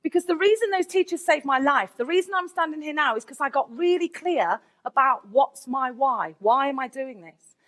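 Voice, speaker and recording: A woman, a teacher giving a candid, lively conference keynote with asides to the audience. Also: high voice, moderate pace. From England, Nottingham.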